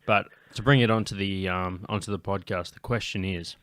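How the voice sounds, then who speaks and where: A man's voice: sits low, steady tone, brisk, a bit bright, no room sound, studio quality. A young Australian man hosting a comedy podcast, chatting casually in a crude, rambling way with a lot of swearing. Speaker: podcast host.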